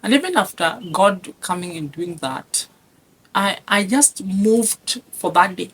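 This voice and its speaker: Husky woman giving testimony. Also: mid-range voice, animated. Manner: earnest, repeats phrases, halting restarts. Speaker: guest sharing a testimony. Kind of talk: emotional personal testimony.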